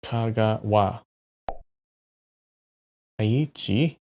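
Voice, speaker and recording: A man's voice: on the low side, extremely slow, darkish tone, slight background noise. A man streaming live, muttering place names to himself as he plays a map quiz, with sudden frustrated outbursts and the odd swear. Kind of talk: casual live-stream commentary while playing a map quiz.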